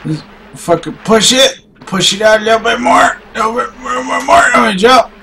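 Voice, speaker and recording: A young man playing a video game and commenting as he goes, swearing a lot and swinging from low muttering to shouting in frustration. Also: normal speed, vocal fry, slight background noise. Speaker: gaming YouTuber. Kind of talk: raging gameplay commentary.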